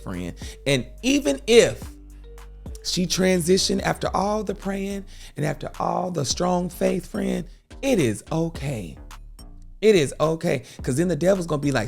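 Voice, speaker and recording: A man's voice: on the high side, lively intonation, measured pace, gravelly, soft background music. A man hosting a storytime advice show, speaking earnestly in a preachy, comforting way.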